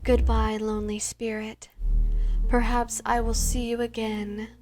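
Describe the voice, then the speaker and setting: A woman's voice: fairly high pitch, level tone, measured pace, darkish tone, faint music behind, voice pushed down, close to an everyday voice. A woman voicing a lonely female vampire ghost who speaks formally and with melancholy. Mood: wistful.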